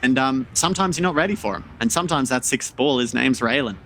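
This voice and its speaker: A man doing rapid play-by-play commentary on a team shooter match, repeating words as he goes. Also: mid-range voice, animated, a bit bright, a little hiss or hum. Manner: fast play-by-play, trailing off into filler and repeats. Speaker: esports caster. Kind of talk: live game commentary.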